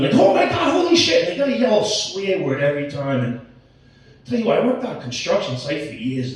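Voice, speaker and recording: A man's voice: high voice, a little mellow. A man in his late forties doing a crude, rambling open-mic stand-up set, full of swearing and self-interruptions. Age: 40s. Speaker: stand-up comedian. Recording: echoey room, mic at a distance.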